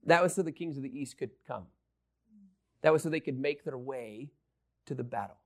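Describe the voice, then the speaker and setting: A man teaching a Bible lesson, excitable, swinging between loud emphasis and hushed asides. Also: mid-range voice, normal speed.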